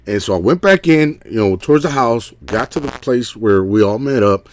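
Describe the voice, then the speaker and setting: This middle-aged Texan man is a caller sharing an encounter, his medium-pitched voice expressive at a normal pace. He rambles casually through the story, full of fillers and tag questions like "right?", with slight background noise.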